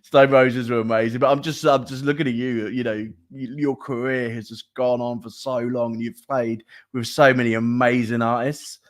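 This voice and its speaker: A man's voice: mid-range voice, level tone, moderate pace, hardly any pauses. A man hosting a live interview show, chatty and upbeat, laughing easily. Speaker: host.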